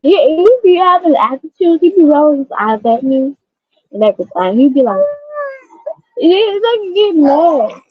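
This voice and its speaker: A woman streamer chatting casually to a baby, cooing and halting, repeating her words. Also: high voice, big pitch swings, dry recording. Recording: tinny phone-like dry sound.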